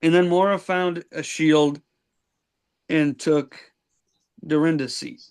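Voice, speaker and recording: Guy hosting a podcast, kinda high voice, rambly recap full of ums and likes. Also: fairly even intonation, slow pace, a little mellow, clear, resonant tone. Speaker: podcast host. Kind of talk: casual recap chat.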